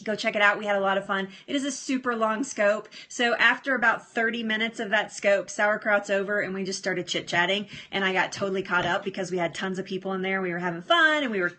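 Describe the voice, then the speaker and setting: A woman's voice: mid-range voice, fast, few pauses, sharp tone. A woman hosting a casual live stream from home, chatting with viewers, reading their comments and laughing often, on a phone microphone. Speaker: livestream host. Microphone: phone or device mic, no external microphone.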